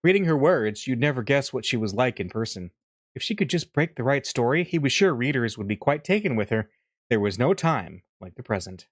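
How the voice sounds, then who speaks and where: Animated man reading a game aloud. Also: medium pitch, fairly quick, no echo. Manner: amused, chuckling, animated. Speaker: let's play gamer. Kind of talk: reading a visual novel aloud with casual commentary.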